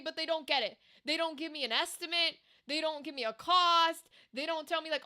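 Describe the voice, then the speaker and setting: A young woman streamer ranting casually to her chat, animated, exasperated and swearing freely. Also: high-pitched, fairly quick, hardly any pauses.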